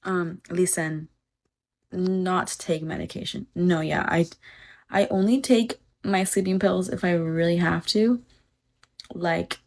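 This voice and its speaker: A young woman with a slightly low voice chats on a phone livestream. She rambles off on tangents and swears without a second thought. She stops to read viewer comments aloud. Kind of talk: casual livestream chat.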